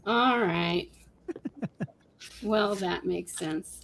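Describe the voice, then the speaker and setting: A woman appearing as a guest on a call-in show, explaining things in a measured, earnest way. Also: lowish voice, creaky, a little hiss or hum, low-quality recording. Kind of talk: casual call-in chat.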